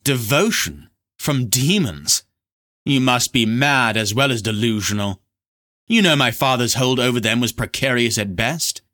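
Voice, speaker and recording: A man's voice: medium pitch, lively intonation, a little slow, sharp tone, no echo, clean studio sound, voice pushed up. A man voicing a proud young prince who speaks in a cold, clipped, defiant way.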